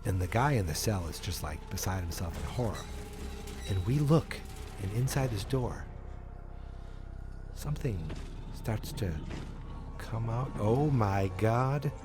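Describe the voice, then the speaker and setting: Low-voiced man excitedly recapping a show. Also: measured pace, pauses often, over music. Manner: animated, excited storyteller. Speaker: podcast host. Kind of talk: casual episode recap.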